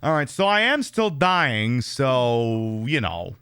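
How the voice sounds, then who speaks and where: A man's voice: medium pitch, very animated, takes it slowly, bright, forceful tone, smooth, dry recording. A man casually chatting through a livestream of a horror game, rambling and reacting to chat with lots of fillers and repeated words. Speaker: streamer playing a horror game.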